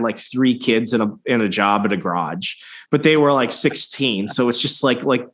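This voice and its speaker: A man's voice: mid-range voice, fairly bright tone. A man hosting a podcast, telling stories in a loose, profane, casual chat with many restarts. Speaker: podcast host.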